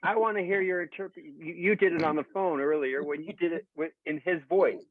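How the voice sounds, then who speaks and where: A man's voice: a little high, brisk, a loud crowd. Man on a tinny, phone-like line. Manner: prompting others to retell stories. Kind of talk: casual chat.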